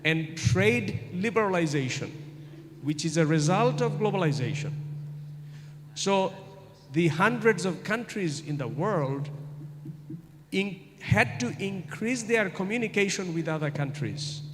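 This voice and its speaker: A man's voice: high-pitched, lively intonation, unhurried. Middle-aged man lecturing in an echoey hall. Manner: asks the audience rhetorical questions and repeats points for emphasis. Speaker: guest lecturer. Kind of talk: university lecture. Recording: echoey hall, faint ambient noise.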